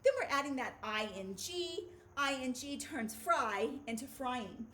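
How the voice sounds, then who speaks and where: A woman's voice: sits high, lively intonation, measured pace, a bit bright, a little hiss or hum. A woman teacher giving a children's phonics video lesson in an upbeat, playful way.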